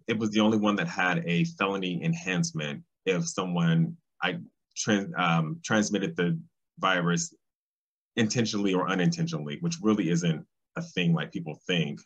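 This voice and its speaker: A man, speaking as a guest in an interview, thoughtful and pausing often with ums. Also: deep voice, fairly even intonation, breathy edge. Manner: thoughtful, with frequent ums and restarts. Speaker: guest, civil rights state director. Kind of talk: casual interview conversation. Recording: slightly dull, lo-fi sound.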